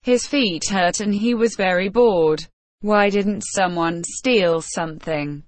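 Slow, deliberate woman narrator. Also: mid-range voice, no room sound. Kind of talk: scripted narration.

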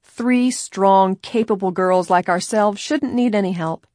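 A woman voicing a calm, confident young girl detective in an audiobook. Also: mid-range voice, unhurried, no room sound, studio quality, lightly acted.

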